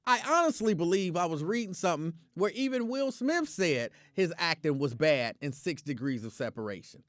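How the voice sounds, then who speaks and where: A man hosting a casual live talk show, reacting to viewer comments with emphatic, repetitive opinions in relaxed slang. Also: on the high side, normal speed, dry recording. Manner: opinionated and emphatic, repeats his points.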